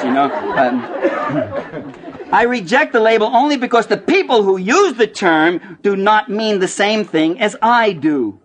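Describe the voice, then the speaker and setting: A man giving a talk about his book in a bookstore, an animated storyteller who jokes, acts out quoted voices and restarts his sentences. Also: sits high, normal speed, over a noisy crowd.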